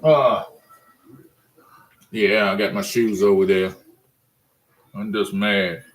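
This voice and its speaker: A man's voice: lowish voice, level tone, measured pace, soft background music, low-quality recording. Frustrated man ranting about his team. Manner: frustrated, rambling, with restarts. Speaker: sports fan vlogger. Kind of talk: casual ranting monologue.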